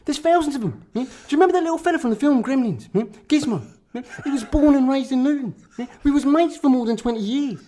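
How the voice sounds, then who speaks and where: A high, fast storyteller, forever asking "yeah?". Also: male voice, expressive, dark tone. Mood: earnest deadpan. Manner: ends nearly every sentence with a questioning "yeah?". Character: deadpan English activist man telling absurd tales. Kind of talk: parody interview impression.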